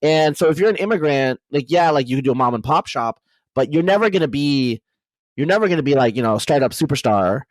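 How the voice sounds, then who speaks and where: Fast-talking male podcast host. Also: medium pitch, no room sound. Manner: rapid, animated, many fillers and restarts. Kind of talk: casual conversational interview.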